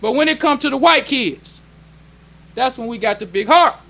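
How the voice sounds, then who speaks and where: A man's voice: very high-pitched, expressive, moderate pace, vocal fry, pushed and bright. A man preaching a sermon as minister, emphatic and plainspoken, repeating his points. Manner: plainspoken, conversational delivery.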